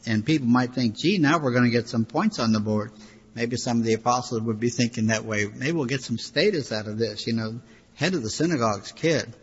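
A man's voice: medium pitch, husky. An older man preaching a sermon in a conversational, folksy way, with frequent asides. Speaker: pastor. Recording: hall reverb, dull lo-fi sound.

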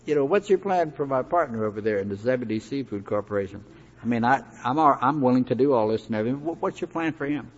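A man voicing an excitable, anxious fisherman apostle who pleads in a high, rushed voice. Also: big-room sound, muffled recording, natural voice. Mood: anxious pleading.

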